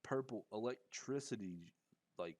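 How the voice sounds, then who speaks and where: A young man with a fairly low voice tells a storytime tale in a loose, rambling way, stumbling over restarts and fillers. The sound is dry and close, with no room around it. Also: expressive, a little slow, darkish tone, no room sound. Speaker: storyteller vlogger. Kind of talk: casual storytime monologue.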